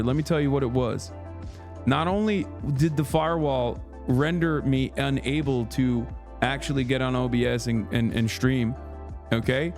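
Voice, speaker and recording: A man in his thirties rants to his stream chat, profane and exasperated as the story runs on. His voice sits in an ordinary middle pitch. Faint music plays under his talk. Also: moderate pace, darkish tone. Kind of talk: casual livestream rant.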